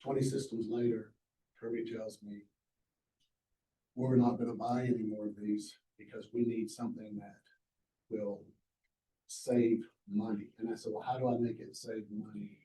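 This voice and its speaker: A middle-aged man with a drawl tells stories from a lecture stage. His voice is deep and very mellow. It rings through a large, echoey hall, picked up by a mic some way off. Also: level tone, normal speed, far from the mic. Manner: folksy storyteller, acts out the quoted lines. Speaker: entrepreneur giving a masterclass talk. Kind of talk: storytelling lecture to a live audience.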